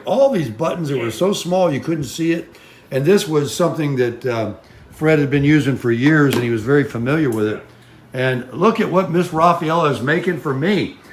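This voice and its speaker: Chatty man with a slightly high voice. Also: breathy edge. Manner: chatty, rambling, folksy. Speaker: vlogger. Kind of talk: casual vlog chat.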